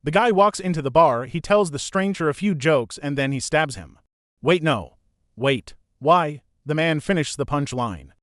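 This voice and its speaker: Dry, higher-voiced male story narrator. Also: expressive, moderate pace, a bit bright, no echo. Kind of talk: scripted narration of a reddit story.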